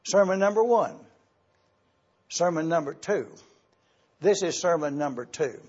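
Slow, husky-voiced preacher man. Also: on the high side, expressive, a little mellow, muffled recording. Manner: slow, deliberate teaching with spelled-out Greek words. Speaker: pastor. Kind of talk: sermon. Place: church.

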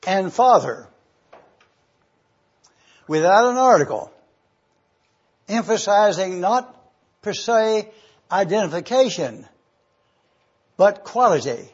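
A man with a high, husky voice preaches at an unhurried pace. He lays out each word with emphatic pauses, like a teacher walking through a text. The recording is dull and lo-fi. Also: very animated. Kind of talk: sermon.

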